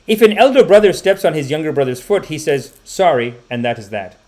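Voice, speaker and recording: Profane, animated male podcast host. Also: on the high side, a little fast. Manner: animated, profane, mocking voices of others. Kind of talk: ranting commentary podcast.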